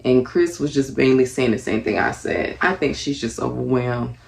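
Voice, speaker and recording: A woman's voice: extremely low pitch, normal speed, gravelly, darkish tone. A young woman casually reviewing a reality TV episode, chatty and earnest, with lots of fillers. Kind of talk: casual reaction commentary.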